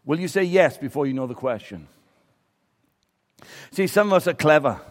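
Preaching in an echoing hall, a man with a slightly high, expressive voice speaks at a normal pace. He tells a story as part of his sermon, performing the voices of the people in it.

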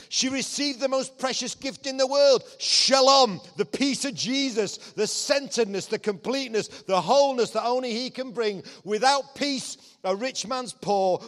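A man preaching a lively, joking sermon to a church congregation, his voice often rising to shouts of excitement. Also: extremely high pitch. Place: church hall. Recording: long hall reverb.

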